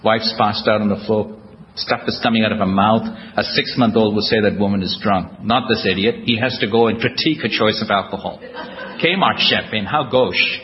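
A man's voice: fairly low pitch, steady tone, fairly quick. A man giving a humorous personal recovery talk to a live audience, telling his story with wry, self-deprecating storytelling. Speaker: guest speaker at a recovery convention. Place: large hall before a live audience. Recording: dull lo-fi hall recording with noise.

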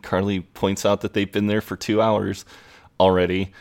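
Man, very low voice, podcast co-host, casual recap, rambling, filler-heavy. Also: little pitch movement, moderate pace, smooth.

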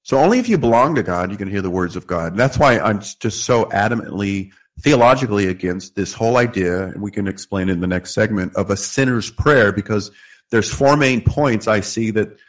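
A man earnestly explaining scripture in a theological discussion, quoting verses as he goes. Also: on the low side.

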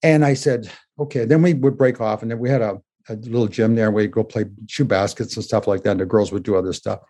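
An older man telling his personal story in an interview, with animated retelling and a habit of adding "eh?" to his phrases. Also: on the low side, a little fast. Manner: animated retelling, acting out voices in quotes; says "eh?" at ends of phrases.

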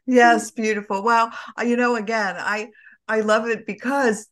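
A woman's voice: fairly high pitch, steady tone, a little slow, fairly bright tone. A woman hosting an interview, affirming her guest and sharing her own experience in casual chat. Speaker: podcast host.

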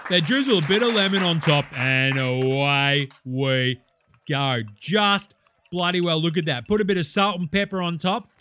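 A man putting on a brash, boastful Australian bloke fronting a cooking show, swearing freely and chatting like everyone's his mate. The voice sits a little high and sounds bright and forceful, with a faint hiss underneath. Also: moderate pace. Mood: cheeky. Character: brash laid-back Aussie bloke hosting a cooking show. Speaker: podcast host. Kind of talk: comedic impression sketch.

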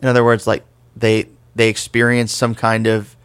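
Low-ish guy chatting on a faith podcast, laid back and explainy, cracks a joke at himself now and then. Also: monotone, normal speed, a bit bright, smooth, no room sound. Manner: conversational, explanatory, self-deprecating jokes. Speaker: podcast co-host. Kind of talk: casual faith discussion podcast.

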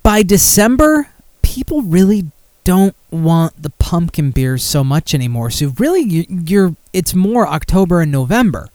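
A man's voice: high voice, very animated, measured pace, a little mellow, dry recording. A man hosting a beer podcast in casual chat, rambling and blunt with frequent swearing. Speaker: podcast host.

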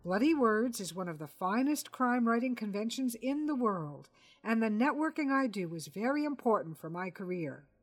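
A man's voice: high-pitched, lively intonation, unhurried, fairly bright tone, heavily acted. A woman voicing a fussy, self-important male crime writer who talks in a pompous, exasperated way.

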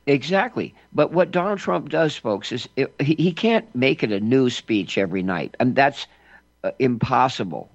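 A man's voice: mid-range voice, lively intonation, normal speed, dry recording, highs cut off. A man hosting a political radio talk show, emphatic with folksy asides.

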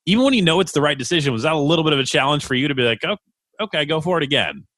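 A man co-hosting a podcast, asking relaxed, probing questions. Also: fairly high pitch, racing, no echo. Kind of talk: conversational interview.

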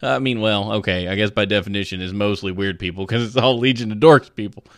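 A man's voice: fairly low pitch, fast talker, a bit bright, no echo, studio quality. A man hosting a comedic news podcast, talking casually with goofy, rambling asides and playful jokes. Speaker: podcast host.

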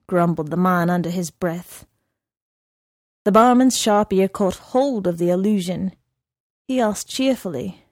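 A woman reads a novel aloud at a slow, patient pace. Her delivery is measured and even. The recording is dry and close, with no room sound. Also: fairly low pitch, no room sound. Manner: measured, unhurried reading. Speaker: narrator. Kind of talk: scripted narration of a novel.

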